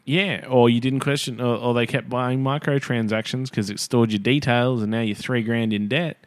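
A man in casual podcast chat, quickly agreeing and adding blunt, joking remarks. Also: medium pitch, steady tone, no echo.

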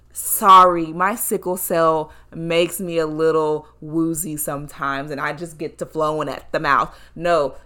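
A woman's voice: medium pitch, fairly bright tone. A young woman co-hosting a podcast, talking bluntly and with heavy swearing in a heated, emotional casual chat. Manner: blunt, profane, impassioned. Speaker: podcast co-host.

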